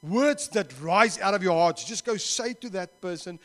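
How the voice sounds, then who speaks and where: A man with a South African accent preaches in a church service, pitched a little above most men. He talks earnestly, slips into Afrikaans phrases, and closes by leading a prayer. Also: normal speed, hardly any pauses. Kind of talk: sermon and closing prayer.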